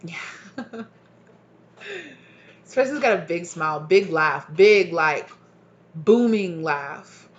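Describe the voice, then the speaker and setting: A woman's voice: lowish voice, animated, slow, pauses often, lo-fi sound, a little hiss or hum. Chatty woman giving a tarot reading. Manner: chatty, rambling, laughs often, says "y'all". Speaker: tarot reader. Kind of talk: casual collective tarot reading to viewers.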